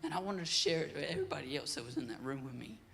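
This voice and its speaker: A teenage boy giving an earnest, emotional church testimony, his voice dropping soft at moments. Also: on the high side, lively intonation, very fast, creaky, soft background music. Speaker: youth group member giving a testimony.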